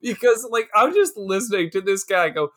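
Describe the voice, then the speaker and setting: A man's voice: high-pitched, animated, normal speed, fairly bright tone. A man in his twenties co-hosting a podcast, ranting in exasperation about a film, swearing and laughing as he talks. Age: 20s. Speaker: podcast co-host reviewing a film. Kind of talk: casual chat.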